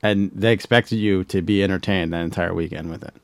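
Casual male podcast host, lowish voice, dry close sound, rambling and profane with constant fillers. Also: fairly even intonation, fairly quick, creaky, no echo. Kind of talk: casual nostalgic chat.

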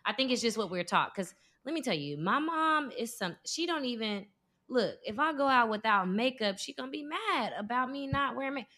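A woman in her thirties chatting casually and telling stories in an animated way. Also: a little high, a little fast, no echo. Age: 30s. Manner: animated storyteller. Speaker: guest. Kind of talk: casual chat.

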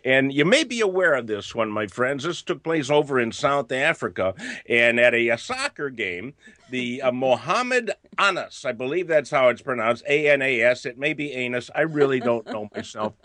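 A man's voice: medium pitch, animated, moderate pace, sharp tone, no echo. Chuckling man hosting a jokey podcast. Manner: chuckling, jokey, stumbling restarts. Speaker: podcast host. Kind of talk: comedic news chat.

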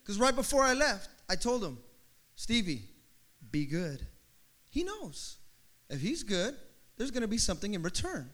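A man's voice: very high-pitched, very animated, moderate pace, a bit bright. A male pastor preaching a sermon in a rising, repeating preacher cadence, with humorous asides and family stories.

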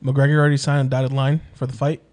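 Quick joking man co-host. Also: mid-range voice, little pitch movement, darkish tone. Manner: teasing, joking. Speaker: podcast co-host. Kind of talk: casual chat.

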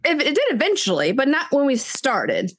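A woman co-hosting a book podcast, chatting casually in an animated, rambling way. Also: high voice, moderate pace. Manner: chatty, animated, restarts and fillers. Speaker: podcast co-host.

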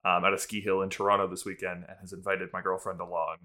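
A man's voice: sits low, flat delivery, fast, sharp tone. A man chatting casually on a podcast, rambling with lots of ums. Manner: rambling with many fillers. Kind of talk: casual chat.

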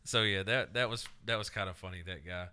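A man's voice: deep voice, fairly quick, bright, forceful tone, clear, resonant tone. A young man co-hosting a podcast, telling stories casually and swearing freely. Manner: storytelling, swearing, acts out quoted voices. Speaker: podcast co-host. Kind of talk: casual chat.

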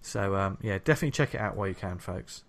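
An eager male podcast co-host who speaks rapidly in a low register. He keeps the chat moving and talks straight to the audience. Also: creaky. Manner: enthusiastic, talks quickly, hosts the segments. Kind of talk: casual chat.

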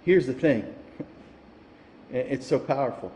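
A man's voice: medium pitch, expressive, unhurried, warm tone, a little hiss or hum. A male pastor preaching a sermon that builds to fervent emphasis. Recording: echoey hall, reverberant.

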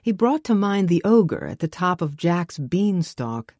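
A woman with a notably low voice narrates a first-person audiobook. Her telling is wry and brisk, recorded dry and close with no room sound. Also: big pitch swings, darkish tone, no room sound.

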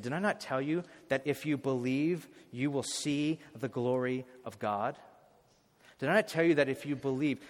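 A man preaching a sermon as a pastor, telling stories animatedly and swinging from hushed to loud. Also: on the high side, long reverb tail.

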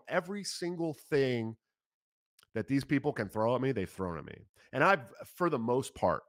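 A man in his thirties telling a long story in a casual, profane, animated way, talking fast and often swearing. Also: lowish voice, dry recording, clean studio sound. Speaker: political candidate.

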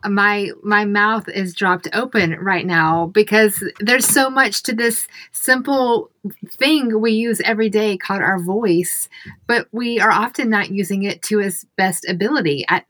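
A woman's voice: medium pitch, fairly bright tone, no room sound. A woman hosting a podcast, asking her guest questions with eager enthusiasm. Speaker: podcast host. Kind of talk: podcast interview.

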